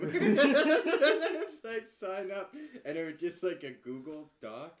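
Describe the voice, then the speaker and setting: A man's voice: high-pitched, takes it slowly, few pauses. A man co-hosting a casual podcast, telling a story and laughing often as he goes. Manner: laughs often, animated retelling. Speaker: comedian, podcast co-host. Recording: echoey room.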